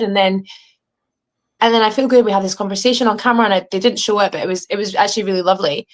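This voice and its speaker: Young english woman dishing on her reality show, animated, swears a lot, plays out what everyone said. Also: medium pitch, fast talker. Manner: animated, swearing, acting out quoted dialogue. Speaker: reality show contestant, guest. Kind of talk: casual storytelling in an interview. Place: home.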